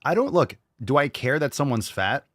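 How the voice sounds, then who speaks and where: A man's voice: mid-range voice, big pitch swings, normal speed, a bit bright, dry recording, clean studio sound. A man hosting a podcast, reacting to clips with crude, combative, profanity-laced rants. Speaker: podcast host.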